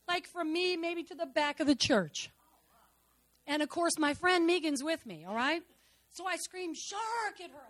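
High-voiced woman giving church testimony. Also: dry recording. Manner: dramatic storytelling, swinging between soft and loud.

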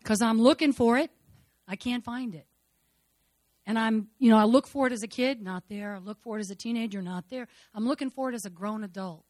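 A woman shares her testimony with a congregation in a fervent, repeating cadence. Her voice climbs into loud declarations, then drops to near-murmurs. The sound is dry and close, with no room echo. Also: fairly high pitch, fairly quick. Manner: fervent, repetitive, swings between loud declarations and hushed murmurs. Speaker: speaker sharing a personal testimony. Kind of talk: emotional church testimony.

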